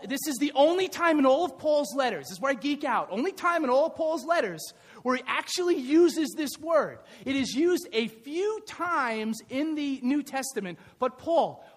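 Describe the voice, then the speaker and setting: A middle-aged male pastor preaching a lively sermon, shouting at the peaks and joking in playful asides. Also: high voice. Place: church. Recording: reverberant church hall.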